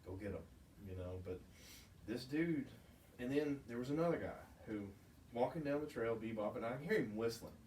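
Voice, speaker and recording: A man's voice: medium pitch, animated, normal speed, a little mellow. A man co-hosting a podcast, telling stories with heated, profane outbursts. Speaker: podcast co-host. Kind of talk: casual chat. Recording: roomy, distant mic, faint noise.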